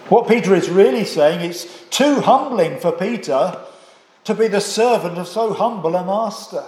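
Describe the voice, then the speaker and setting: A man's voice: sits high, expressive, darkish tone. Man preaching in an echoey hall. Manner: measured, emphatic, rhetorical questions. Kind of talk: sermon.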